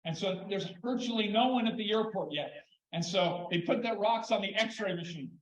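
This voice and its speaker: An older man giving an animated storytelling talk at a conference, expressive and prone to repeating words when excited. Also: sits high, moderate pace. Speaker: conference speaker. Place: conference hall. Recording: echoey, dull hall recording.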